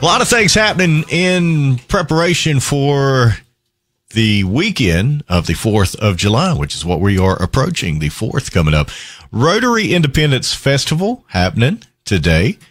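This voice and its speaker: A man hosts a country radio show, chatting between songs in a lively, easygoing way and chuckling at his own asides. His voice is mid-range, his pace moderate, and there's no echo.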